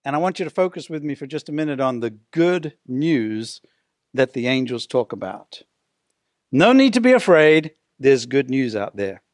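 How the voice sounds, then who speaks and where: An older man preaching a sermon as pastor, stretching out key words and dropping to a hush at the ends of phrases. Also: medium pitch, very animated, moderate pace, dry recording.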